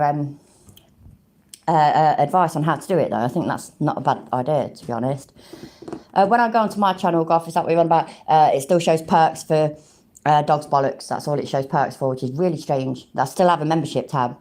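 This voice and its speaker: A woman's voice: low voice, expressive, fairly quick, a little mellow. A woman streaming, giving sarcastic, casual commentary and swearing freely. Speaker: streamer reacting to clips.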